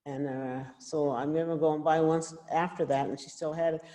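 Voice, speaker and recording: A woman's voice: deep voice, fairly even intonation, normal speed, warm tone. A woman volunteer casually recounting delivering homemade wreaths, in a hesitant way. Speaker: volunteer who made wreaths. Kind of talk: casual storytelling.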